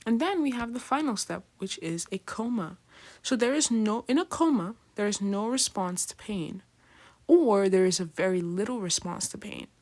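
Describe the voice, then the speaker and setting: A woman's voice: mid-range voice, animated, normal speed, darkish tone. Chatty woman giving a casual lecture. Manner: chatty, filler-heavy, keeps asking "right?"; acts out patients in slangy voices. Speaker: nursing lecturer.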